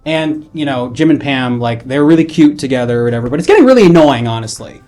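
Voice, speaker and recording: A man's voice: mid-range voice, lively intonation, fast, a little mellow, soft background music, natural voice. A man playing an upset male office worker in therapy in an improvised comedy sketch, rambling and grumbling with lots of fillers. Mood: aggrieved.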